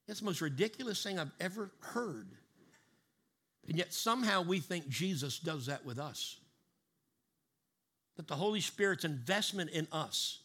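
A male pastor preaching a sermon emphatically, slowing down to stress key words and having the congregation repeat lines after him. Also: sits high, lively intonation, bright, forceful tone.

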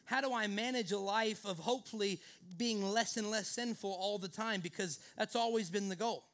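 A man's voice: high voice, normal speed, a bit bright. A male pastor preaching a sermon in an earnest way, leaning often on the word "actually".

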